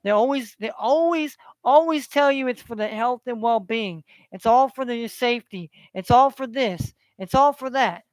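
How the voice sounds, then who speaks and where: A man on a heated, preachy rant, swearing freely and circling back to the same phrases. His voice is smooth and resonant. The sound is close and dry, with no room around it. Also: very high voice, moderate pace, hardly any pauses, dry recording. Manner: profane, preachy, repeats phrases. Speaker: vlogger. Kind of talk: ranting monologue.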